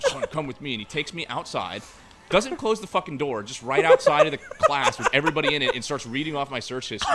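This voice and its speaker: A man co-hosting a casual chat, telling a story in an animated, laughing way. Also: medium pitch. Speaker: podcast co-host. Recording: loud background noise with clicks.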